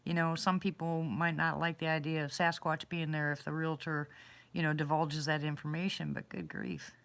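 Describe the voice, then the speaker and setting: A woman's voice: sits low, little pitch movement, moderate pace, gravelly, fairly bright tone. A woman hosting a casual talk show, telling stories in a chatty, faith-filled way and laughing easily. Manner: chatty storyteller, laughs easily, religious, grateful. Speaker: host. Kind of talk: casual chat.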